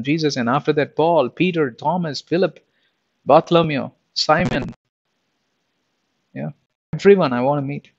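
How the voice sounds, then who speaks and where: Emphatic male preacher, rhetorical questions. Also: on the high side. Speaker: preacher and Bible teacher. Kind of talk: sermon. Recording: dull lo-fi recording.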